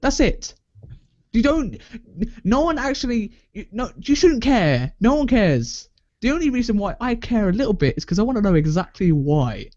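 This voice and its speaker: A young man chats crudely on a podcast, boasting and laughing. His pitch swings widely as he tells stories. The recording is dry and slightly muffled. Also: sing-song, moderate pace, darkish tone, no room sound. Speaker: podcast co-host. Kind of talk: casual chat. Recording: dull lo-fi sound, dry.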